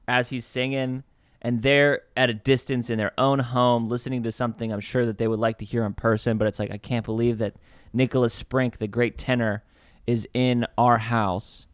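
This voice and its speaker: An excitable man chatting on a podcast about a film, jumping into little acted-out bits of the scenes. His voice is smooth and clean, recorded close and dry with no room sound. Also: no room sound. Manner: excitable, acts out scenes with swooping pitch, swears casually. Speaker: podcast co-host. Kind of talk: casual film review chat.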